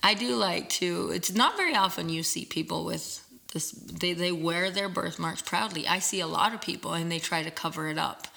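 Woman, thirties, casual chat, animated storyteller, lower bright voice, acts out voices. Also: normal speed, vocal fry, few pauses.

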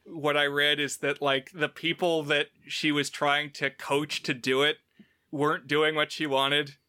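Co-hosting a podcast, a man with a slightly high, clean-toned voice talks about a movie he's seen, reenacting scenes by quoting characters loudly. He speaks at a measured pace, and the clean studio recording has no room sound.

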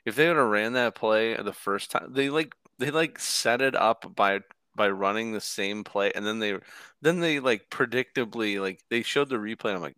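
A man co-hosting a fantasy football podcast, telling animated stories in casual chat and swearing now and then. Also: fairly low pitch, moderate pace, clean tone, no echo, studio quality. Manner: animated storyteller, swears, mimics others.

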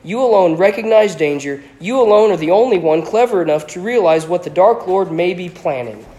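A man reads aloud as a sly, haughty ghostly professor trapped in a painting, drawling smoothly and lazily with open condescension. His voice sits a little high and he lectures the boy with scorn, all in a storybook reading. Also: lively intonation, moderate pace, darkish tone, natural voice. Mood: scornful lecture. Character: sly, haughty dead male professor in a portrait.

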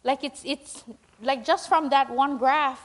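A woman's voice: high voice, fairly even intonation, a little slow. A middle-aged woman gives a church presentation with slides, talking in a conversational, rambling way with many fillers and tag questions. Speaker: school principal giving a church talk.

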